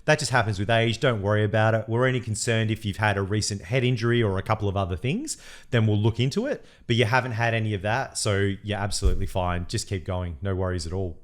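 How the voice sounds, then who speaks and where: A jolly, reassuring optometrist who is calm and upbeat, as a man quotes him in his story. The voice sits slightly higher than the teller's own speech, and the delivery is easygoing. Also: fast, close to an everyday voice. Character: cheerful reassuring male optometrist.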